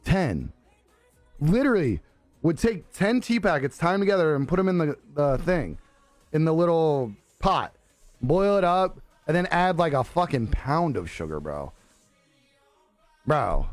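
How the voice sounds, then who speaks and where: A young man chats with his stream, casual and full of swearing, his pitch jumping up and down as he reacts. The mic is close and dry. Faint music plays underneath. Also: very animated, a little slow, long pauses, no room sound. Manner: laid-back, profane, laughs often. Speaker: live streamer. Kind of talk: casual chat reading viewer comments.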